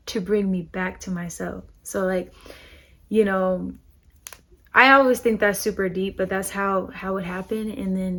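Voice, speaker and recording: A woman's voice: mid-range voice, gravelly, husky. A young woman musician talking casually and earnestly about her music, rambling with lots of fillers. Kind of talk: casual heartfelt talk to camera.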